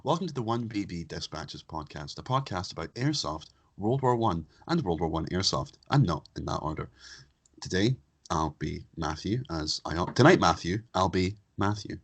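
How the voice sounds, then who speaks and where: Deep, husky young man joking as host. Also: expressive, moderate pace. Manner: jokey, bantering, crude humor. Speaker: podcast host. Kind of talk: casual comedic chat.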